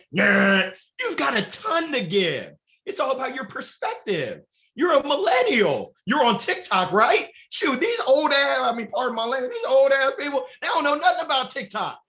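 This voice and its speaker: A man giving an energetic motivational talk as a guest, casual and salty, laughing at his own stories. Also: fairly high pitch. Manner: energetic, swearing, laughing, animated. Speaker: guest speaker. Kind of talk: motivational talk on a live show.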